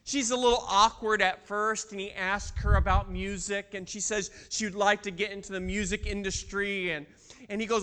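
A man delivers a sermon in a church, his voice pitched high. He tells a story and keeps putting questions to the congregation. His tone is bright and ringing. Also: steady tone, normal speed, clean tone. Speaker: pastor.

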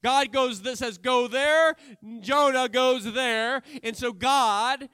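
A man preaching a sermon, acting out Bible characters' lines and swinging between loud and quiet delivery. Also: very high-pitched, slow pace, clean tone, no echo, studio quality.

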